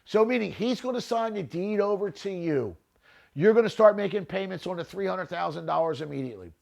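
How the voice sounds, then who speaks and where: A man's voice: high-pitched, expressive, fairly quick, creaky, darkish tone. A middle-aged man hosting a podcast, talking bluntly and off the cuff, often repeating "listen" and "right?". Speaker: podcast host. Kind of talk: blunt unscripted monologue.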